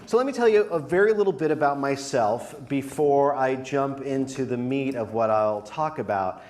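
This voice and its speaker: A man's voice: medium pitch, animated, moderate pace, a little mellow, reverberant, slight background noise. A man from New York and Connecticut giving a comedic talk, slipping into theatrical mock voices. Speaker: speaker, performance artist.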